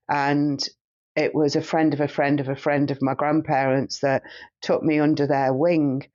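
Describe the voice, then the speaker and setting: A man recounting a past-life regression in the first person, in a halting, hesitant way as he searches for words, on a slightly muffled recording. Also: on the high side, little pitch movement, a little mellow, no echo.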